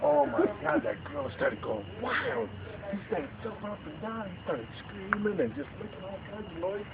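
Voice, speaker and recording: A man with a high, gravelly voice tells a spooky story to family by a bonfire at night, speaking at a normal speed over a loud crowd. He brings it alive by acting out the characters' panicked lines, all on tinny, noisy home video.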